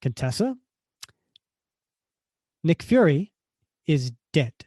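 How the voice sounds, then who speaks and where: A man's voice: a little high, sing-song, slow pace, mellow, breathy edge, no echo, clean studio sound, exaggerated voice. A man voicing a stern, commanding Italian countess who runs a spy agency, with a put-on Italian accent.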